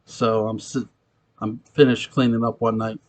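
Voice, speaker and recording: A man's voice: lowish voice, flat delivery, moderate pace. Gritty New York ex-con storyteller man. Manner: gritty, streetwise, profane. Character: ex-convict man recounting a ghostly encounter. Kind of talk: acted monologue, recounting a tale.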